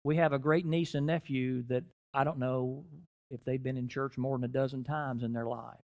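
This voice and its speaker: A middle-aged man preaching a sermon in a church, rising and dropping in loudness and slowing down to stress key phrases. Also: mid-range voice, steady tone, highs cut off. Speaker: guest preacher.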